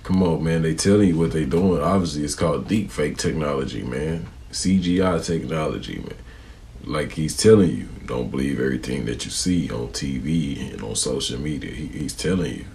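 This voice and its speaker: Man, very deep voice, gravelly, drawling reaction host, preachy asides. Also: animated, moderate pace, darkish tone, a little hiss or hum. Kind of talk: casual reaction commentary.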